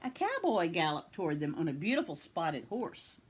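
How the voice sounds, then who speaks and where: A woman from Tennessee reading a children's picture book aloud with expressive storytelling. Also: on the low side, normal speed, breathy edge.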